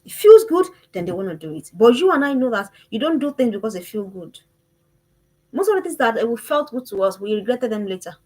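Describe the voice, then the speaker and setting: A woman teaching a parenting lesson, emphatic and animated, who repeats her phrases and keeps asking the listener questions. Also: on the high side, fairly quick, breathy edge, low-quality recording.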